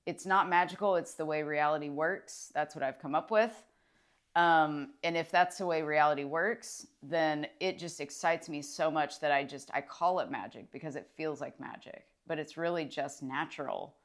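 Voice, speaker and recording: A woman's voice: low voice, moderate pace. A woman, a social worker, talking casually and enthusiastically to camera about mindset, rambling with fillers and restarts. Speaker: licensed clinical social worker and mindset vlogger. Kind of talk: casual motivational talk to camera.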